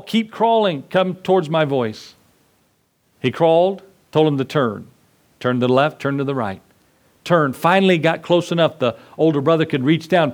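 A man preaching a sermon as pastor, earnest, acting out the voices in his stories. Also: mid-range voice. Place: church.

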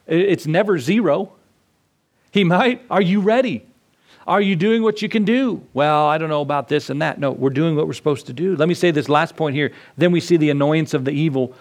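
A man preaching a sermon, driving points home with repeated phrases and emphatic rises. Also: a little high. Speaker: pastor.

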